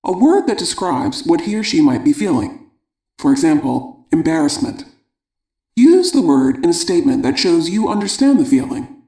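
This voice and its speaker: Calm male audiobook narrator. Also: a little high, normal speed, echoey room.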